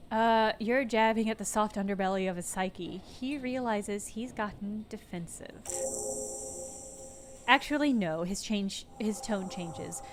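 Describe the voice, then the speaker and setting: A woman's voice: mid-range voice, a little slow, faint music behind. A woman streaming a video game, reading the narration aloud and mixing in playful comments as she thinks aloud.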